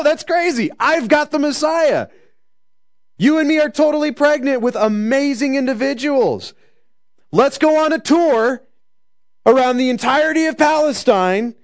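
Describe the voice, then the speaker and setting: A man's voice: high-pitched, clear, resonant tone, voice pushed up. A man putting on the voice of a giddy, boastful young pregnant woman, gushing and bragging.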